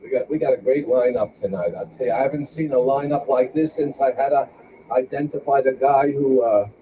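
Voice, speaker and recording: An older man hosting an open mic, doing stand-up comedy with slow, deadpan, self-deprecating jokes in a small club. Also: medium pitch, recorded from a distance, background noise. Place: small club with a live audience. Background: audience laughter.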